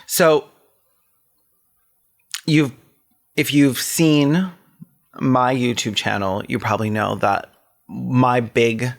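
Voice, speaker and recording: A man's voice: mid-range voice, steady tone, slow, gravelly, pauses often. Man reading a memoir aloud. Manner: earnest, emotional reading; rambling, profane chat. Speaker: podcast co-host. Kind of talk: reading a memoir aloud, then casual chat.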